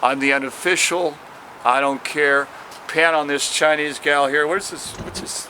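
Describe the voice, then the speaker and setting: A man's voice: fairly high pitch, fairly even intonation, background noise. Older man ranting in the street. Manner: profane, rambling, impassioned ranting; slow, dramatic recitation of verse. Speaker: street poet. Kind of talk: rambling street monologue and poem recitation. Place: outdoors at a city train station.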